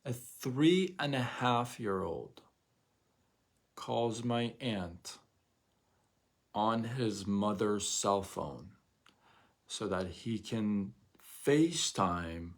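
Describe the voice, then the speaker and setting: Rambling, animated man on a livestream. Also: lowish voice, extremely slow, long pauses. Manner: animated, rambling, repeats himself, acts out quotes. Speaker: live show host. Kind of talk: casual motivational livestream talk.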